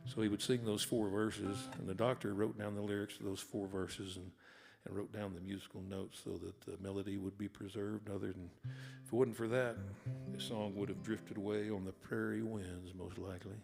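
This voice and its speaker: A man's voice: on the low side, flat delivery, normal speed, vocal fry, hardly any pauses, a little mellow. A man, an author and singer-songwriter, telling folksy, rambling stories between songs at a live concert hall. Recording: long hall reverb with guitar.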